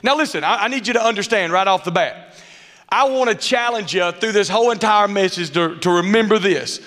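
A man preaching as a pastor, animated and playful, acting out characters in mocking voices. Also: high-pitched, brisk, long reverb tail. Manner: animated, acts out mask characters with funny voices. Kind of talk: sermon. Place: church stage. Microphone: muffled through a mask.

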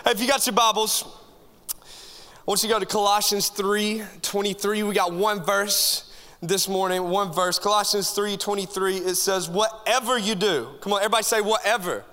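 A man, a youth pastor preaching an energetic, joking sermon to a congregation in a large church hall. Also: high voice, normal speed. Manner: animated, joking, talks straight to the crowd. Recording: long hall reverb from a church room.

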